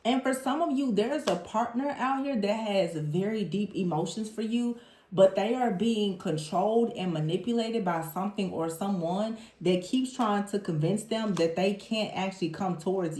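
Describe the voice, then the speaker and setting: A woman's voice: medium pitch, moderate pace. Exasperated woman giving a tarot reading. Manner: animated, exasperated, mocking the people she describes. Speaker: tarot reader. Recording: roomy echo.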